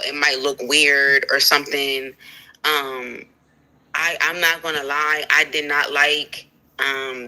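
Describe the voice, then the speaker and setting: Candid woman with a bright voice. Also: low voice, poor audio. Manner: candid, animated, repeats herself. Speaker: livestream co-host. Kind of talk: casual livestream conversation.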